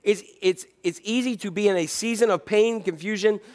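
A man's voice: sits high, moderate pace. A man preaching a sermon in a conversational, humorous way, asking many rhetorical questions.

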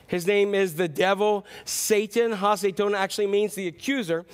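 Male pastor, higher-pitched voice, preaching with storytelling asides. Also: fairly even intonation, normal speed. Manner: storytelling with acted-out quotes. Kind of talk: sermon.

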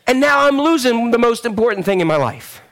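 A middle-aged pastor delivers a sermon in a high, lively voice with vocal fry, moving fairly quickly. Animated, he calls out to the congregation as his delivery swings between loud and hushed passages.

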